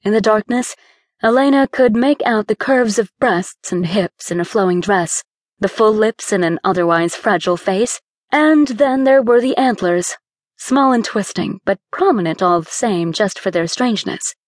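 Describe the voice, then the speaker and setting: Audiobook narrator: woman, mid pitch, steady storytelling, dry close studio sound. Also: moderate pace, no echo. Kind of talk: scripted narration.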